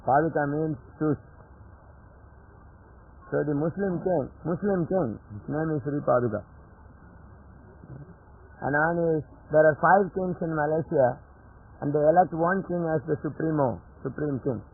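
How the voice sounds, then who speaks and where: A man's voice: fairly high pitch, unhurried, creaky, long pauses, breathy edge. A man giving a devotional scripture lecture in a chatty storytelling way, chuckling at his own jokes, heard on a tinny lo-fi 1980s tape.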